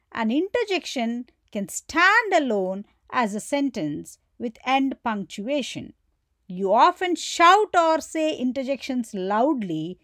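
A woman gives a grammar lesson in a high, animated voice, speaking slowly and posing questions that she then answers herself. She acts out the example exclamations as she goes. Her voice is recorded close and dry. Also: dry recording. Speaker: teacher.

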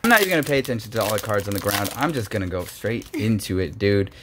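A young man hosting a casual card-opening video, chatty and slangy, quick to get excited. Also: on the low side, slight background noise. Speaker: card-opening channel host.

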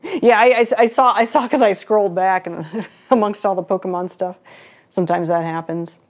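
A woman's voice: medium pitch, normal speed. A woman hosting a live painting stream, chatting casually with viewers, laughing often and greeting chat while she works. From Florida.

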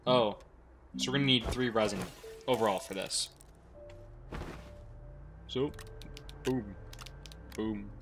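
A young man commentating his own gameplay, thinking aloud, swearing and getting excited. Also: lowish voice, slow, long pauses, faint music behind. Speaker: gaming streamer.

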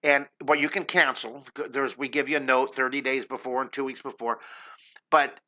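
This middle-aged man runs a live drawing class, drawing as he talks with his audience in a positive, encouraging manner. His medium-pitched voice sounds pushed and bright.

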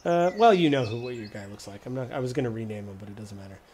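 A man's voice: medium pitch, animated, fast, a little mellow, a little hiss or hum. A man running a tabletop game as game master, describing scenes casually with many fillers. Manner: casual, rambling, frequent fillers and laughs.

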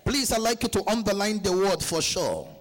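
A man preaching a sermon at a church conference, urging the congregation to answer him back and reading scripture slowly and deliberately. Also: sits high, sing-song, low-quality recording. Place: church conference, captured live.

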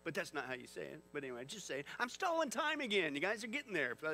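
A man preaching a sermon, animated and chatty, asking the congregation questions. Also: high voice, fairly quick, faint music behind. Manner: animated, conversational with the audience. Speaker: pastor.

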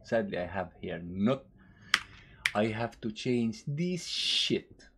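Give me an animated male gamer trash-talking over loud typing. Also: lowish voice, slow pace, gravelly, background noise. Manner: animated, trash-talks game enemies, sing-song scatting. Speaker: gaming channel host. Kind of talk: live gameplay commentary. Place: at a computer, playing a game. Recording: loud keyboard clicking behind voice.

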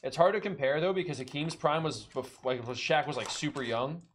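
A man's voice: on the high side, a little fast, slight background noise. A young man hosting a live card break, chatty and laughing often as he calls out cards. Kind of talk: casual live-stream chat.

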